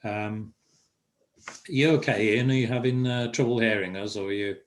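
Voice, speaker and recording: An older man teaching a Spanish class over a video call, pausing often with fillers. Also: lowish voice. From England. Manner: halting, many fillers. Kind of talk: online language lesson.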